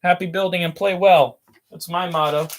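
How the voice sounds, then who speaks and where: A man's voice: high-pitched, fairly even intonation, normal speed, slight background noise. A young man hosting a casual livestream while building toy models, rambling and ranting between reading out chat messages.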